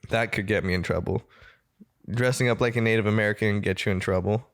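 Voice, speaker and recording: A man's voice: fairly low pitch, fairly even intonation, fast. A man hosting a casual podcast chat, making wry jokes at his guest. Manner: joking, wry. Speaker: podcast host.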